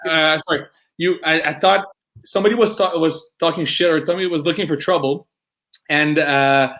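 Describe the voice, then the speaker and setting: A man's voice: fairly high pitch, fairly even intonation, moderate pace, a bit bright. A man hosting a casual fight talk show, asking long rambling questions full of fillers. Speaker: host. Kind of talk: casual interview chat.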